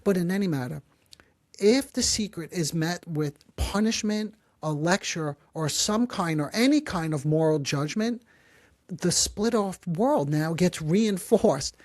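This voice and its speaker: A man hosting a psychology podcast, who explains calmly and gently and slows down to stress key phrases. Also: high voice, no room sound. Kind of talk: calm explanatory talk.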